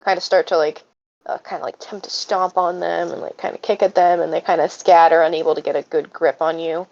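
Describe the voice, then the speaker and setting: A woman's voice: on the low side, little pitch movement, brisk, vocal fry, a little mellow. A woman narrating as game master of a tabletop game, hesitant with many fillers. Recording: dull lo-fi mic.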